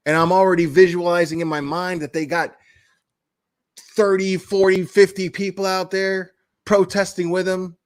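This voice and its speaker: Hot-headed male vlogger, casual profane rant, slightly high pitch. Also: flat delivery, normal speed. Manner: blunt, heated and profane, with laughing asides. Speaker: crime commentary YouTuber.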